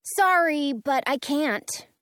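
An earnest, polite Munchkin guard speaks in a storybook reading, as a woman puts her on. The voice is high and bright with an unhurried pace, recorded close and dry. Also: animated, no echo, exaggerated voice.

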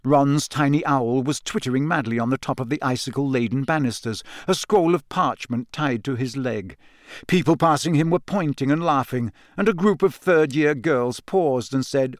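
A man narrating an audiobook in a measured, even storytelling manner. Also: medium pitch, dry recording. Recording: dry close studio sound.

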